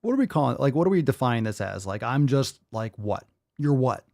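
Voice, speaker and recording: A man's voice: medium pitch, very animated, a little fast, gravelly, darkish tone, no room sound, studio quality. A man in his thirties hosting a podcast, ranting casually in an exasperated, profane way and repeating himself. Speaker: podcast host.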